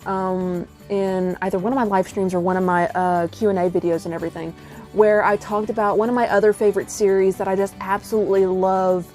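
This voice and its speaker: A woman's voice: medium pitch, a little mellow. A young woman reviewing a book in a casual vlog, gushing and dramatic, with lots of fillers. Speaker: book vlogger.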